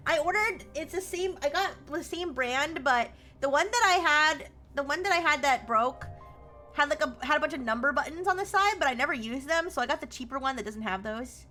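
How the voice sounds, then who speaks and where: A woman's voice: high voice, lively intonation, brisk, pushed and bright, faint music behind. A young woman streaming a game live, chatting casually and laughing often as she greets viewers by name.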